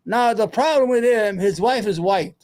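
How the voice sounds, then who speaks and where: At normal speed, a man with a high, somewhat mellow voice runs his own rambling commentary show, swearing freely and mumbling to himself as he looks things up between topics.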